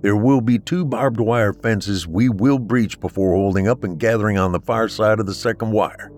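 A man doing a grieving ex-soldier brother, deep. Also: moderate pace, a little mellow, soft background music, lightly acted. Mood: commanding. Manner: earnest, then crisp military commands. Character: grieving man, ex-military brother leading family.

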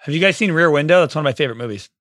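A man's voice: on the high side, lively intonation, very fast, fairly bright tone, no echo, studio quality. A man co-hosting a football podcast, riffing playfully in casual chat with emphatic slang. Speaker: fantasy football podcast co-host.

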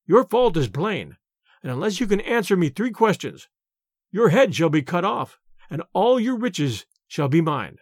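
A haughty medieval king barks orders and scolds, put on by a male storyteller. The voice sits high and swings widely, and the sound is close and dry. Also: very animated, unhurried, no echo, exaggerated voice. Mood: stern. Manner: imperious, scolding. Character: proud, angry medieval king, grown man. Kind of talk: storybook character voice.

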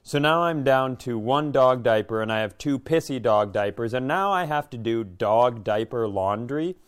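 Middle-aged man, podcast co-host, smooth clear voice, loose rambling storytelling, casual chat. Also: mid-range voice, moderate pace. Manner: rambling storyteller, animated, swearing.

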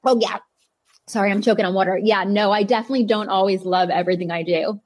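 A woman's voice: mid-range voice, steady tone, very fast, dry recording. A woman in her thirties, a jewelry designer, answering interview questions in a candid, emphatic way. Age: 30s. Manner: candid, emphatic, repeats phrases.

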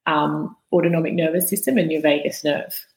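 A woman with a fairly low voice explains things patiently on a podcast. She talks calmly and steadily as a guest. The recording has a roomy echo. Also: brisk. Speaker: podcast guest, vagus nerve educator.

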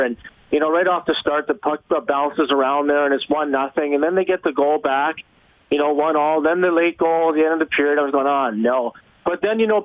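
A man calling in to a sports radio show, rambling as an excited, frustrated fan. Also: a little high, dry recording. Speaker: caller. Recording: tinny phone line.

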